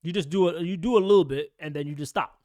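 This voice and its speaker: A man's voice: fairly high pitch, fast, warm tone, dry recording, clean studio sound. A man coaching notaries in a blunt, ranting, motivational talk full of street slang.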